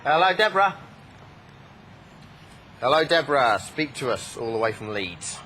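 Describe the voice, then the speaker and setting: A man's voice: medium pitch, expressive, a little fast, sharp tone, a little hiss or hum. Playful man hosting a TV chat. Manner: playful, teasing, mock-posh asides. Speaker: host. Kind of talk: light-hearted TV chat and call-in.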